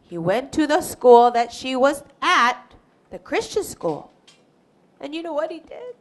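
A woman telling a Bible story to children, animated and often asking them questions. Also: high-pitched, a little slow.

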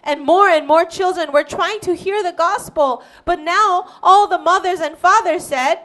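A woman telling a Bible story to children, animated and often asking them questions. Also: extremely high pitch, moderate pace, hardly any pauses.

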